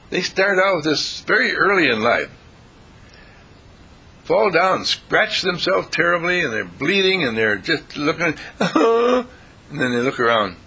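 Brief: male counselor lecturing, animated and gravelly, husky edge. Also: on the high side. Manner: lively, asks the audience questions, acts out quotes. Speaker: counselor giving a talk. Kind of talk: motivational lecture to a live audience.

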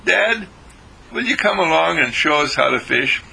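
Eager grown sons, as a man puts them on, pleading in a raised, sharp, gravelly voice. The pitch jumps well above his usual speech, bright and pinched with a husky edge. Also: lively intonation, moderate pace, heavily acted, poor audio. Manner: pleading, marveling, high-pitched.

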